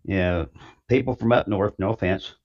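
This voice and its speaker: A man's voice: low voice, normal speed, darkish tone, highs cut off. A man with an East Tennessee Southern accent, talking casually as a guest author in an interview, folksy and rambling with many fillers.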